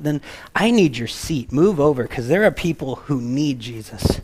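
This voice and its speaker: A man giving a relaxed, chatty sermon, his voice sitting a little higher than most men's. He talks to the room like a friend and acts out quick voices for the people in his stories. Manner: conversational, animated, acts out voices in quotes. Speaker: pastor. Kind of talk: casual sermon.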